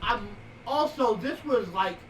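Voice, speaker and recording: With a medium-pitched, animated voice at a slow pace, this forty-something co-host of a live stream meanders through wrestling news items, filling gaps with lots of fillers. The audio sounds roomy and distant, with faint background noise.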